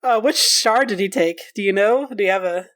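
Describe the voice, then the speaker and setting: A woman's voice: medium pitch, brisk. A woman playing a tabletop game, chatting and joking with the table. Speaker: player. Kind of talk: casual tabletop play.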